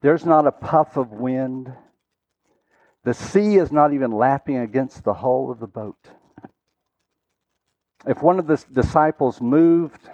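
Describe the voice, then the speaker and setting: A man preaching a sermon, telling a story dramatically and swinging from loud, urgent lines to hushed, quiet ones. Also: mid-range voice, no room sound, dull audio.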